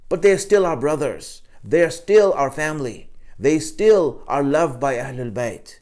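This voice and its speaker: A man giving a conversational Ramadan lecture, earnest and preaching with rhetorical questions, reciting Arabic verses quickly. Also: fairly high pitch. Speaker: religious lecturer.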